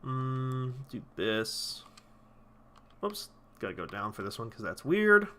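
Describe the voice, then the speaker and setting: A male streamer talking over his gameplay in loose, rambling commentary. His tone is bright and forward, and he swears freely while he enthuses about the game. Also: mid-range voice, big pitch swings, slow pace, a little hiss or hum.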